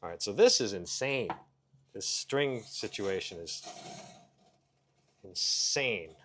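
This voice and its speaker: A man's voice: fairly low pitch, animated, slow, fairly bright tone, slight background noise. Self-mocking man muttering over his gear. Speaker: comedian and vlogger. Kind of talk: casual vlog narration while working. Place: hotel room.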